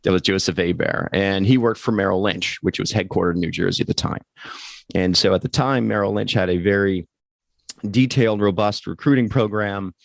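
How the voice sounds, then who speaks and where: A man's voice: on the low side, creaky, no room sound, clean studio sound. A man in his forties from Pennsylvania, a financial advisor telling his career story in a rambling, conversational way as an interview guest. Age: 40s. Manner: rambling, conversational, with self-corrections.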